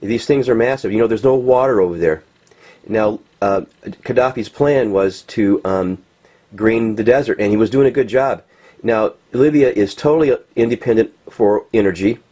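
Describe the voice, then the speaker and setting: Husky american guy ranting over pics, fired up, lots of ums and restarts. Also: lowish voice, normal speed, dark tone. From United States. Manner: agitated, ranting, many restarts and fillers, swears. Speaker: vlogger. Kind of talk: unscripted commentary over pictures.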